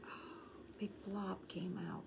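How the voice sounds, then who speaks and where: Soft-spoken middle-aged woman hosting a crafts livestream. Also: medium pitch, level tone, takes it slowly, gravelly, noisy background. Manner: chatty, greets viewers by name; talking softly so a baby can sleep. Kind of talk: live craft tutorial chat.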